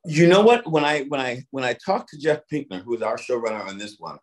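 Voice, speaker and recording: A man's voice: mid-range voice, lively intonation, fast. A middle-aged man, an actor being interviewed, talking casually and loosely, with lots of "like" and "you know what I mean".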